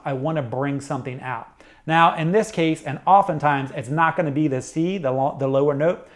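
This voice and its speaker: A middle-aged man teaching a saxophone lesson, explaining jazz articulation step by step in a clear, methodical way. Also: a little high. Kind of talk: instructional music lesson.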